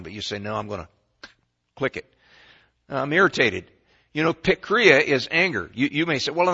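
A man preaching a sermon in a folksy storytelling way, swinging between quiet asides and loud bursts. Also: medium pitch, breathy edge, lo-fi sound.

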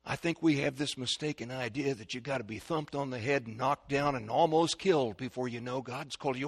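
A middle-aged man preaching a sermon as pastor, animated, acting out the voices in his stories. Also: mid-range voice, fairly quick, hardly any pauses, breathy edge.

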